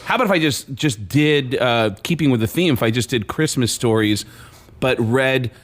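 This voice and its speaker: A man who is a comedian, telling a story as a radio show guest, getting loud and laughing as he gets excited. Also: mid-range voice, normal speed. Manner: animated, shouting and laughing when excited. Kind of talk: casual radio chat, storytelling.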